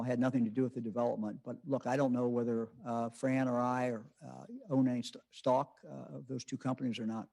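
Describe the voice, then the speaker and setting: An older man in his seventies answering press questions as governor, halting with many fillers. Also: medium pitch, gravelly, warm tone.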